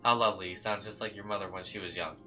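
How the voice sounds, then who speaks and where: A man voicing a cold, scheming older male doctor, with calm, lecturing delivery. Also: low voice, racing, soft background music, rough recording. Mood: smug.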